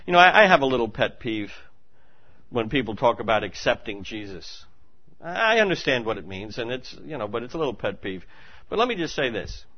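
A man preaching with a very lively, rising and falling voice that swings from hushed to loud and emphatic. The sound is dull and lo-fi. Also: medium pitch, a little fast. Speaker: pastor. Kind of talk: sermon.

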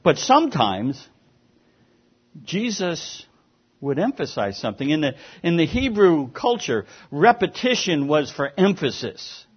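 Husky-voiced man preaching a sermon. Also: on the high side, big pitch swings, measured pace, highs cut off. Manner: earnest, emphatic, with repeated restarts. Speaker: pastor.

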